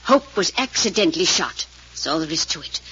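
A woman's voice: fairly low pitch, fairly quick, husky, heavily acted. A woman playing a stern elderly grandmother who heads a proud family, in 1940s radio acting. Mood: imperious. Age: older. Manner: imperious, flatly dismissive. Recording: dull old radio recording.

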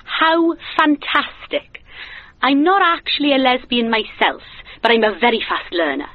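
A woman's voice: sits high, very animated, a little slow, no echo, full character voice. An actress in her thirties playing an eager, chatty woman leaving a phone message. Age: 30s. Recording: phone-like, dry.

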